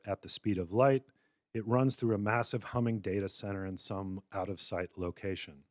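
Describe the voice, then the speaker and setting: A man's voice: fairly low pitch, a little mellow, no echo, clean studio sound. A male lecturer giving a public talk, narrating a wry, satirical scenario. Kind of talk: public lecture, storytelling argument.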